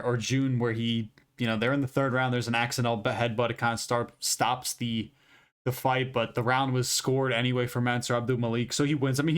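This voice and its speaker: A man casually giving fight predictions from his office, swearing often and mocking himself as he rambles through the card. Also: mid-range voice. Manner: profane, self-mocking, rambling. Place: home office.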